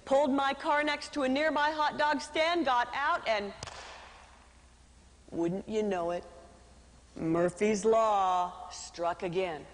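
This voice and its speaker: A woman's voice: a little high, fairly even intonation, slow, long pauses. A woman giving a speech to a live audience, telling a dramatic story with acted-out voices. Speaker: motivational speaker. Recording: reverberant hall.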